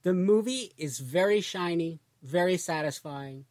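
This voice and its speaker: A man's voice: on the high side, unhurried, darkish tone. A man co-hosting a podcast in casual chat, talking loosely with lots of "like" and trailing phrases. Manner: chatty, trails off, many fillers like "like". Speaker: podcast co-host.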